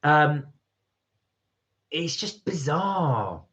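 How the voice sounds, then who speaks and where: A man's voice: on the high side, big pitch swings, extremely slow, background noise. A man hosting a live stream, chatting casually and rambling as he tastes snacks and reads out viewer comments. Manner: chatty, rambling, reads chat messages aloud.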